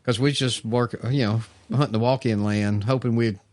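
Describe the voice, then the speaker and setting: A man's voice: mid-range voice, fairly even intonation, normal speed, a little mellow. A man, co-hosting a casual outdoors podcast in a folksy, storytelling way. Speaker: podcast co-host. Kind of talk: casual chat.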